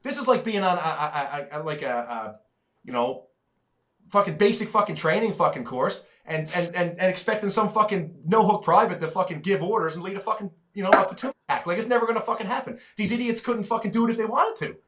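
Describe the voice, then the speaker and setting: A man's voice: high voice, animated, fast, a bit bright. A man, ranting profanely as a podcast co-host in heated casual talk. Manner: profane, ranting, heavy swearing.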